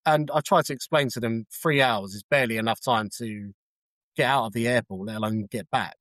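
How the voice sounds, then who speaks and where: A man's voice: mid-range voice, fairly quick, a bit bright, no echo. A man who works as a tour guide, answering interview questions in a polite, chatty way and explaining with examples.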